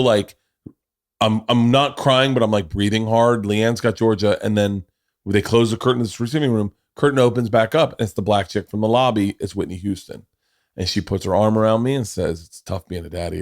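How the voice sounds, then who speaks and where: A man in his forties hosting a podcast, telling a loud, joking story and acting out the quotes. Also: lowish voice. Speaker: podcast host. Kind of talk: casual storytelling chat.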